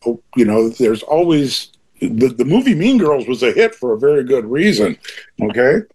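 Husky older man, earnest and rambling. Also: mid-range voice, big pitch swings, moderate pace, darkish tone. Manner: earnest, rambling with frequent restarts and asides. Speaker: author guest being interviewed. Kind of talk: reflective interview talk.

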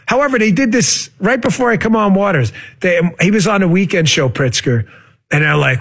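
High-voiced husky man hosting political talk. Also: a little fast. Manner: animated, sarcastic, with sudden jumps to shouting. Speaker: talk show host. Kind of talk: casual political talk radio.

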